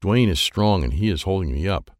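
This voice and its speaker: A man narrating a children's audiobook in a lively first-person voice, adding sound effects as he reads. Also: low-pitched, brisk, no echo, studio quality.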